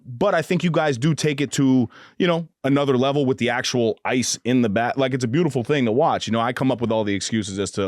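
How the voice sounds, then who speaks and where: A man's voice: medium pitch, dry recording, studio quality. Self-mocking, laughing male podcast host. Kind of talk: casual podcast chat.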